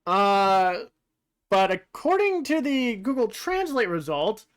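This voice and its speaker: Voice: mid-range voice, sing-song, slow. A streamer giving casual game commentary, musing aloud with frequent fillers and the odd curse. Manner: casually profane.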